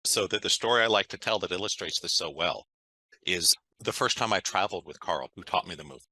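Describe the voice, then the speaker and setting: A man's voice: low voice, brisk, pushed and bright, slightly rough, rough recording. A man, a guest on an interview, talking in an enthusiastic, conversational way and often checking in with "right?". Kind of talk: interview storytelling.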